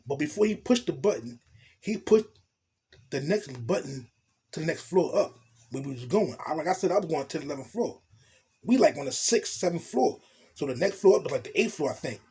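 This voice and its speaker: A man telling a storytime tale in profane street slang, animated and blunt. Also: on the high side, slightly rough. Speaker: storytelling vlogger. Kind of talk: casual storytime monologue.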